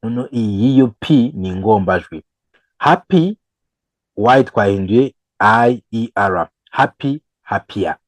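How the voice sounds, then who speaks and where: A man teaching English grammar, switching between English and Kinyarwanda and repeating each example slowly. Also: lowish voice, dry recording, low-quality recording. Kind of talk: bilingual grammar lesson.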